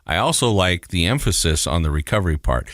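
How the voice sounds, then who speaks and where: Low-voiced male psychologist co-host, thoughtful explainer, dry studio mic. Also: big pitch swings, brisk, a bit bright, dry recording. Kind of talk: casual podcast discussion.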